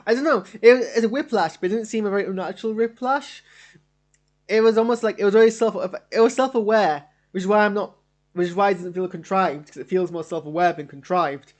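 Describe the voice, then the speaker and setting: A man's voice: sits high, brisk. Rambling, eager man in a home studio. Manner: rambling, enthusiastic. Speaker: reaction streamer. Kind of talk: live casual show reaction.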